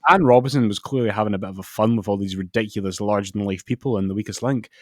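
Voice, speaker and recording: A man's voice: lowish voice, very fast, dry recording, studio quality. A man co-hosting a podcast, telling rambling stories and acting out quotes in casual chat. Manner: rambling storyteller who acts out quotes. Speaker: podcast co-host.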